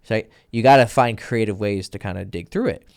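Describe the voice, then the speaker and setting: Blunt, profane man with a gravelly voice. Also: on the low side, a little fast, a little mellow. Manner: blunt, profane, acts out both sides of conversations. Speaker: dating coach. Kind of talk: casual instructional talk.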